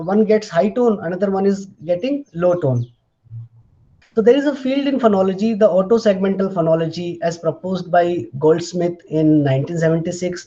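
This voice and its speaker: A man with a high, mellow voice lectures on an academic topic. He explains patiently, stopping often to search for words. The recording is dull and lo-fi. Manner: explanatory, hesitant with frequent pauses and fillers.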